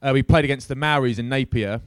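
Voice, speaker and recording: A man telling a lively anecdote as a guest at a live show, swearing freely and acting out the people in his story. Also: mid-range voice, fast talker, no room sound. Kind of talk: animated storytelling. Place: crowded live-show venue.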